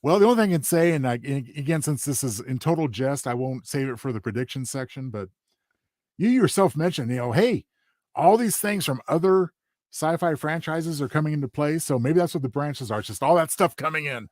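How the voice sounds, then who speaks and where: A man co-hosting a casual review podcast, explaining his points in a relaxed way. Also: fairly high pitch, brisk, no room sound, clean studio sound. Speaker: podcast co-host.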